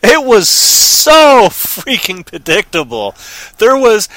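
A man rants in a casual podcast chat, sarcastic and worked up. His voice sits high and bright and swings widely in pitch. The sound is close and dry. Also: unhurried, no echo. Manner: animated, ranting, sarcastic. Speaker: movie reviewer.

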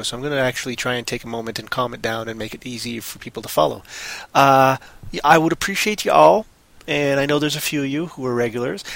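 Rambling, playful bright-voiced man. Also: on the high side, gravelly, no room sound, poor audio. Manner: rambling, playful, puts on a silly accent. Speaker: podcast co-host. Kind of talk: casual chat.

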